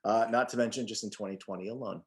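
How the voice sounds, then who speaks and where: A man's voice: fairly low pitch, steady tone, fast. A man in his forties co-hosting a film podcast in casual chat, joking, swearing and rambling loosely. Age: 40s. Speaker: podcast co-host.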